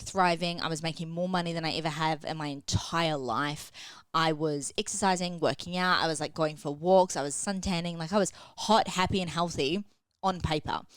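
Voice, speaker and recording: A young woman in her twenties talks straight to her listeners in a frank, casual solo podcast, swearing freely. Her voice sits a little low. The sound is close and dry. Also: no echo. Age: 20s. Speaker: podcast host and women's coach. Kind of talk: candid solo podcast chat. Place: at home, sitting on the floor against a wall.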